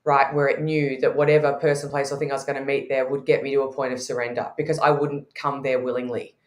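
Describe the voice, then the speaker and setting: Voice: medium pitch, little pitch movement, fast talker, echoey room. A podcast guest who teaches intuition, telling candid stories with frequent laughter in a conversational way.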